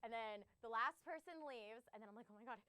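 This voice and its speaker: A woman's voice: a little high, fast talker, sharp tone, dry recording. A woman in her twenties telling an emotional story in casual chat, full of fillers and close to tears. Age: 20s. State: tearful, overcome with emotion. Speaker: podcast co-host.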